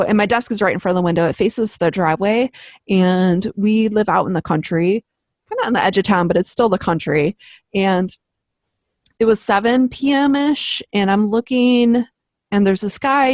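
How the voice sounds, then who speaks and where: Young female podcast co-host: chatty, animated, swears, acts out her quotes, dry close mic. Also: mid-range voice, no echo. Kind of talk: casual chat, storytelling. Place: home office.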